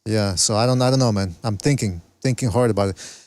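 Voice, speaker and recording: A man's voice: fairly low pitch, fairly quick, darkish tone, no echo, clean studio sound. A man hosting a casual call-in boxing podcast, laid-back and hesitant, often searching for words. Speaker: podcast host. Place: Canada.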